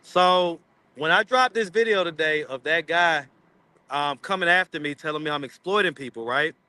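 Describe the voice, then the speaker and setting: A man's voice: on the high side, normal speed, sharp tone, clear, resonant tone, dry recording. A man hosting a casual livestream chat, rambling and teasing his viewers. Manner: rambling, teasing, laughs often. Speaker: street interview channel host.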